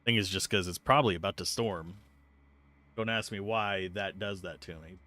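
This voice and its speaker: A man's voice: low-pitched, normal speed, bright, forceful tone. A man livestreaming a video game, chatting in a rambling, casual way and swearing now and then when something annoys him. He talks from his desk at home. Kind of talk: casual gameplay commentary. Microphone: close mic with earbuds at a PC.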